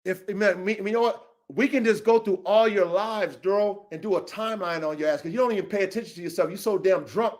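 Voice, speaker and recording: A man's voice: high-pitched, a little fast, hardly any pauses. A man hosting a dog-training show, delivering a heated, profane, repetitive rant that calls out a rival.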